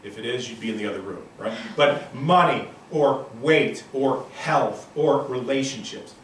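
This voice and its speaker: A man in his sixties giving a live motivational lecture to an audience in a room, telling stories in an animated, punchy and emphatic way. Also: mid-range voice, a little slow, slight background noise. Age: 60s. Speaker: motivational speaker. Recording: very echoey room, voice from a distant mic.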